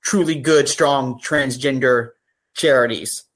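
In a slow, rumbling low voice, a woman chats casually as a guest on a podcast. Her manner is heartfelt and earnest, and she works through ideas at great length.

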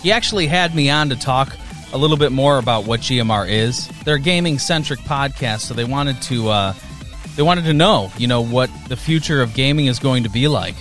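A man's voice: mid-range voice, animated, fairly quick, fairly bright tone, soft background music. A man hosting a podcast, giving upbeat promotional announcements. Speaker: podcast host.

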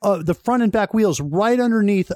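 A young man with a high voice tells a story on a radio show, lively and quick to laugh. The sound is dry and close, with no room around it. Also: dry recording. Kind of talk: casual storytelling chat.

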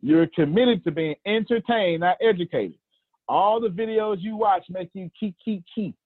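A man in his forties with a Southern American accent hosts a motivational group call, animated and preachy, repeating phrases straight to the listeners. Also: high voice, moderate pace, slightly rough, dry recording. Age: 40s. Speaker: host of a coaching call. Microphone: video call. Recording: tinny phone-like call audio.

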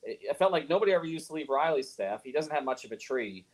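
A man's voice: fairly high pitch, lively intonation, fast talker, low-quality recording. A man hosting a casual sports podcast, reading viewer comments and moving through topics. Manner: laughs easily, moderates topics. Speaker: podcast host.

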